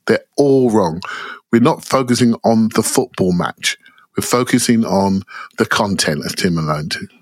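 A man's voice: on the low side, moderate pace, no room sound. A man on a football podcast, talking in an exasperated, emphatic way. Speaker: podcast panelist. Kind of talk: casual podcast discussion.

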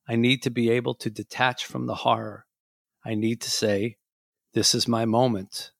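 A man voicing a gravely ill older man who talks softly and calmly, close to a whisper. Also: mid-range voice, no room sound. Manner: weak, whispered, serene. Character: frail old man, gravely ill, calm.

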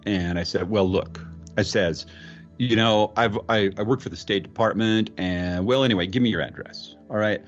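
A man's voice: fairly low pitch, highs cut off, soft background music, lightly acted. A man doing a famous actor's spooky retelling. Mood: spooked. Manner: halting storyteller, stammering restarts, drawn-out dramatic phrases. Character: middle-aged man recounting an eerie roadside encounter, impression of a famous actor. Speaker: podcast host. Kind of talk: dramatic first-person retelling of a ghost story.

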